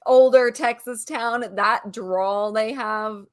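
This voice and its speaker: A woman's voice: fairly high pitch, steady tone, slow pace, no echo, studio quality. A woman co-hosting a casual podcast, playful and gushing. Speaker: co-host.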